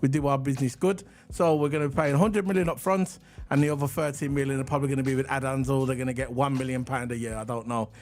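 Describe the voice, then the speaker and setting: A man's voice: medium pitch, steady tone, fast, a little mellow. A man co-hosting a casual livestream, chatty and rambling, hyping the chat and reading transfer news. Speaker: livestream co-host.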